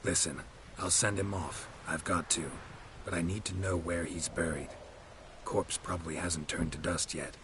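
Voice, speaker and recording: A man's voice: fairly even intonation, normal speed, close to an everyday voice. An actor playing a blunt, terse male monster hunter in video game dialogue. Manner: blunt, terse, low-key. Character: gruff male monster hunter questioning a villager. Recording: game audio with ambient noise.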